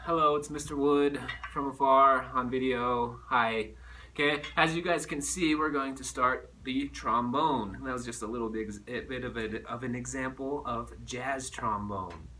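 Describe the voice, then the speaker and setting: A man teaching a recorded music lesson to children, animated and playful as he demonstrates. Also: medium pitch, measured pace, distant mic, a little hiss or hum.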